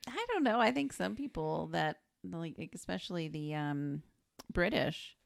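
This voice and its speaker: Woman, lower voice, sarcastic podcast co-host, dry recording. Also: lively intonation, a little slow, vocal fry, dry recording. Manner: wry, sarcastic asides. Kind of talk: casual film chat.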